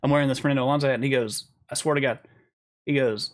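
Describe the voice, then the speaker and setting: A man's voice: medium pitch, racing. A man co-hosting a podcast, telling stories in a blunt, casual way with plenty of swearing. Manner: storytelling, profane and blunt. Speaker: podcast co-host.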